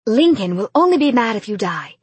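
A woman voicing a sentient female magic dagger that speaks brisk and matter-of-fact in a storybook reading. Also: on the high side, big pitch swings, slightly rough, dry recording, voice pushed up.

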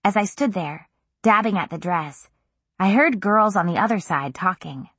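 A woman narrating a first-person novel in an intimate, even storytelling manner. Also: mid-range voice, moderate pace, breathy edge, no room sound. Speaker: audiobook narrator.

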